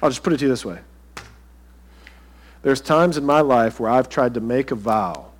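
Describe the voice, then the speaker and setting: A man's voice: mid-range voice, expressive, moderate pace. A pastor preaching a sermon to his congregation in a conversational way, asking them direct questions.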